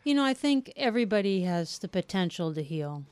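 A woman's voice: mid-range voice, sing-song, brisk, darkish tone, clean tone, no room sound. A middle-aged woman from Portland, a novelist, answering interview questions in an earnest, reflective way. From United States (Portland, Oregon). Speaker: novelist guest.

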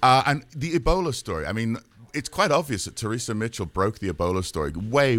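A man with an English accent, co-hosting a radio pledge drive in a joking, chatty way and repeating the call-in number. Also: deep voice. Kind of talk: casual radio pledge pitch. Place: radio studio.

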